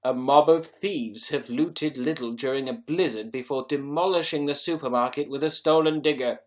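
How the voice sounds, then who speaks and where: A man's voice: mid-range voice, moderate pace. A man hosting a casual livestream, chatting to viewers in a rambling, sarcastic, sweary way. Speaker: livestream host.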